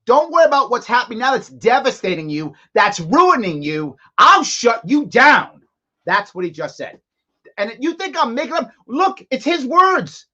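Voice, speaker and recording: Sarcastic man with a lively voice. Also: very high voice, moderate pace, dull audio. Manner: sarcastic, mocking, animated. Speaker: host. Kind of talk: live commentary reacting to a press conference.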